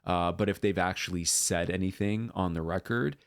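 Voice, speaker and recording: A man reacting to a dance video on his channel, gushing with excited whoops and earnest talk full of ums and uhs. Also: low-pitched, normal speed, dry recording, studio quality. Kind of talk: casual reaction vlog.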